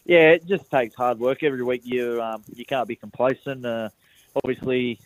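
A man's voice: medium pitch, fairly even intonation, normal speed, no echo, low-quality recording. A young man with a rural Australian accent chats easily as a radio guest over the phone. He talks in a laid-back, self-mocking way with a mid-range voice. The sound is dry and close. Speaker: rugby league player guest. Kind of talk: casual radio interview.

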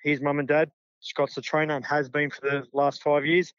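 Australian male coach, middle-aged, sincere and emotional, slightly higher voice, dry lo-fi audio. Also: little pitch movement, moderate pace, fairly bright tone, smooth, dry recording. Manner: sincere, heartfelt. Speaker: junior football coach. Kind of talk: casual interview.

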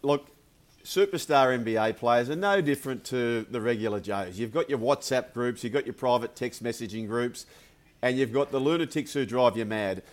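Male co-host, playful interviewer, mid-pitched. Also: normal speed. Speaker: podcast co-host. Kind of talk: casual chat.

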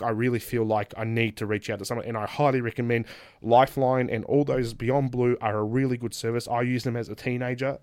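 An Australian man in his thirties, a guest on a casual podcast, telling candid, animated stories, swearing and laughing often. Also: medium pitch, dry recording, clean studio sound. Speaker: guest, pro wrestler.

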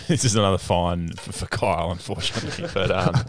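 A man's voice: sits low, fairly quick, crowd noise. An Australian man hosting a casual chat, telling a story with lots of laughter and restarts. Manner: laughs through stories, rambling. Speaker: podcast host.

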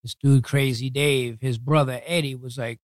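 A New York City man with a New York accent speaks in a steady, mid-range voice with no echo. He's the guest in a casual interview, recounting his past. His telling is blunt street talk full of heavy swearing, and he acts out other people's words in quick bursts.

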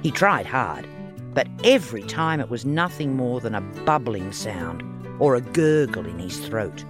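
A man narrating a children's audiobook story in an expressive, playful reading. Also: mid-range voice, measured pace, over music.

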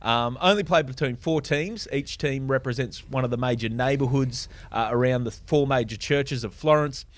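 A man's voice: mid-range voice, normal speed, hardly any pauses. A man on a podcast panel, explaining a sport in casual chat with lots of fillers and restarts. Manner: rambling explainer with many fillers.

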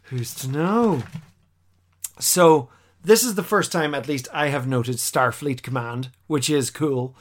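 A man casually recapping a TV episode on a podcast, animated and quick to act out the characters' lines. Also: medium pitch. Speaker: podcast co-host.

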